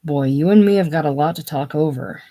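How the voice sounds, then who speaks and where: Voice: medium pitch, fairly quick, warm tone, natural voice. A person voicing George, a blunt and boisterous newlywed man, during a casual play reading.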